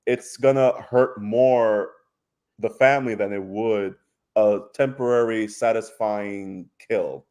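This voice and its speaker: Animated man in podcast chat. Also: fairly low pitch, slow, clean tone. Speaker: podcast co-host. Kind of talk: casual discussion.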